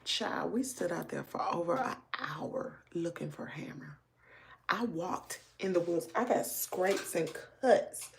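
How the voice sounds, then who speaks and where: A woman tells a story to her viewers in a casual vlog. Her voice sits a little low, and she talks in a chatty, animated way, turning often to her audience with asides. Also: slow, vocal fry. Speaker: family vlogger.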